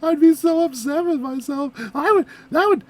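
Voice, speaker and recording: A woman hosting a reaction video, talking in an excitable, giggly way with lots of filler words. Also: sits high, normal speed. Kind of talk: casual reaction commentary.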